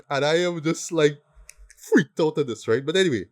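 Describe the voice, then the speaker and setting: A man co-hosting a podcast, chatting casually and keenly about films and tagging his points with "right?". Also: a little high. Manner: enthusiastic, peppers talk with "right?". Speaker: podcast co-host. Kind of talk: casual film review chat.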